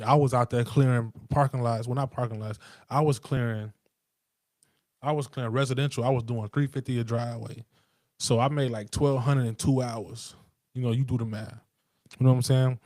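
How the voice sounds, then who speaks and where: Man, streetwise slang, profane, emphatic, warm dark voice, dry close sound. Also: mid-range voice, no room sound. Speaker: podcast host. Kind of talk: casual monologue.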